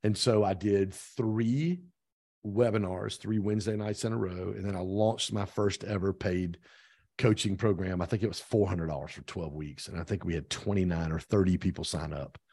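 Lively middle-aged male storyteller, low voice. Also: normal speed, slightly rough, no room sound. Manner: animated storyteller who acts out quoted dialogue. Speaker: podcast guest, real estate team owner. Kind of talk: casual storytelling interview.

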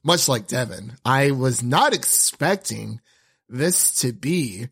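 A man's voice: medium pitch, animated, slow pace, gravelly, a bit bright, slightly rough. A man hosting a casual film review chat, hesitant, with many ums and restarts. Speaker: podcast host.

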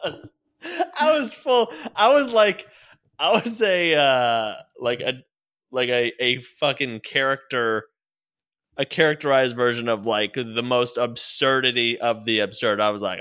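A man's voice: mid-range voice, lively intonation, unhurried, fairly bright tone. A man from Virginia telling a story in casual chat, laughing often and swearing freely. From Virginia, USA.

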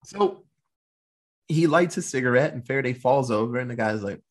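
A man hosting a casual podcast and recapping a movie in an animated, swearing, laughing storytelling style. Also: medium pitch, fairly quick. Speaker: podcast host.

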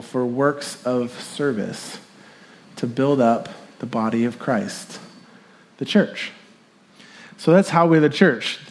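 A man in his thirties giving a sermon, explaining scripture in a relaxed, conversational way with fillers. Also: on the high side. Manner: light chuckles and filler sounds. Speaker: pastor.

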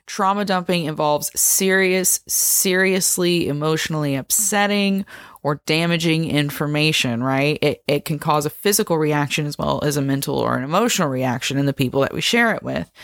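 Earnest low-voiced woman explaining. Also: normal speed, dry recording, clean studio sound. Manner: earnest, emphatic, repeats "right?" and "okay?" to check in. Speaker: speaker explaining a psychology topic. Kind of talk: explanatory monologue, podcast-like.

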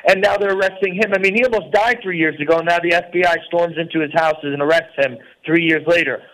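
A man's voice: on the high side, fairly even intonation, fast talker, a bit bright, rough recording. A man speaking as a radio guest from a prison cell, earnest and preachy, with many fillers. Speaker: guest calling in. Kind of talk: interview on talk radio.

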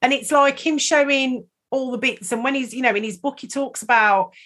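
A woman's voice: high voice, moderate pace, fairly bright tone. A woman co-hosting a podcast, talking in a casual, rambling, emotional way, with many fillers. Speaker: podcast co-host. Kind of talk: casual chat.

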